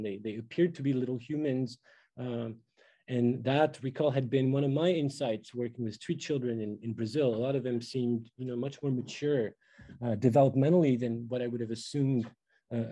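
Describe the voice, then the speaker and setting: A man's voice: mid-range voice, warm tone, husky, low-quality recording. A middle-aged man giving an academic lecture, thoughtful and full of fillers and restarts.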